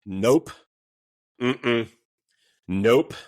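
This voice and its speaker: A man's voice: medium pitch, drawn-out words. A man, a former police officer, telling a story in a casual podcast interview, swearing freely and acting out what people said. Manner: animated, swears freely, acts out quoted lines.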